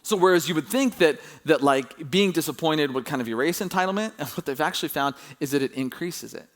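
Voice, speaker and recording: A man preaching a sermon as pastor, telling a story with animated, rising emphasis when excited. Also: fairly high pitch, a little fast.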